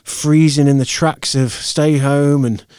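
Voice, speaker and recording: A man's voice: fairly high pitch, steady tone, slow pace, darkish tone, smooth, dry recording, clean studio sound. A man hosting a podcast, chatting casually and rambling through his sign-off with fillers and restarts. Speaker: podcast host. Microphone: podcast microphone.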